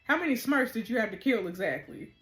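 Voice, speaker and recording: A woman's voice: a little high, big pitch swings, quick pace, fairly bright tone, soft background music. A woman reading the lines of an easygoing teenage girl tattoo artist, in a wry, teasing way.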